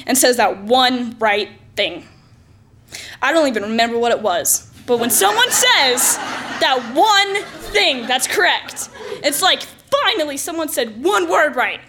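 A woman with a high voice tells a personal story aloud. She is animated and self-mocking and plays up the drama for comic effect. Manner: lively, self-mocking, exaggerated.

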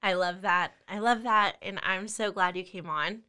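A woman's voice: mid-range voice, normal speed, sharp tone, slight background noise. A woman hosting a podcast, chatting casually and affirming her guest. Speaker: podcast host. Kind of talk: casual interview chat.

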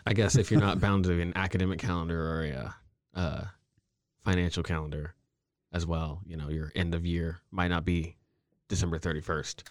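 A man co-hosting a casual podcast, speaking in a measured, thoughtful way with many pauses and ums. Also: low-pitched, steady tone, dry recording, studio quality. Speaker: podcast co-host. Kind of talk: casual chat.

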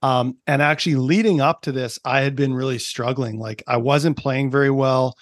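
A man's voice: medium pitch, steady tone, moderate pace, no room sound, clean studio sound. A man from Canada in his thirties, a performance coach chatting on a podcast, explaining ideas with lots of "like" and "right?". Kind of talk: casual podcast interview.

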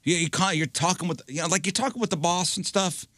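Male radio host: dry, rambling banter, bright tone, close dry studio mic. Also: high-pitched, fast talker, dry recording. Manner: dry, rambling, self-deprecating.

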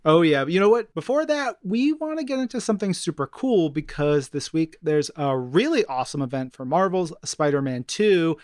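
A man hosting a podcast in casual chat, relaxed and chatty with plenty of fillers. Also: a little high, moderate pace, hardly any pauses, no echo, clean studio sound. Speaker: podcast host.

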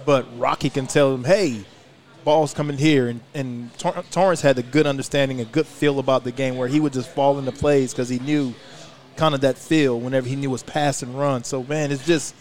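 A former player talking in a casual podcast chat, emphatic and fired up, swearing freely, recorded live at a restaurant. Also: male voice, mid-range voice, fairly even intonation, brisk, a little mellow.

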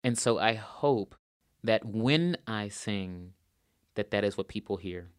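A man's voice: fairly low pitch, animated, slow, clear, resonant tone, no room sound, studio quality. A man, an opera singer, answering interview questions in an earnest, thoughtful way and repeating words for emphasis.

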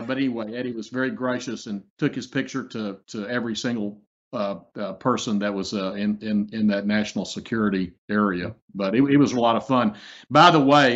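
A man's voice: on the low side, a bit bright. A man being interviewed as a guest, telling long anecdotes with many fillers and quoted lines. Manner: rambling with frequent fillers, quoting others. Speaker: guest, co-founder of a humor prize. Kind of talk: anecdotal storytelling. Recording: slightly muffled audio.

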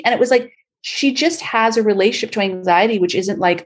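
A middle-aged Canadian woman with a brisk, higher-pitched voice appears as a guest in a casual interview. She tells stories in a chatty manner, packed with fillers.

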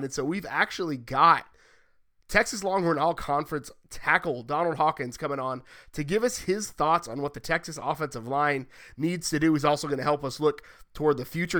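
A man's voice: a little high, fairly bright tone. A man hosting a sports podcast, chatty and joking, who asks long rambling questions. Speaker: podcast host. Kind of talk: casual sports podcast chat.

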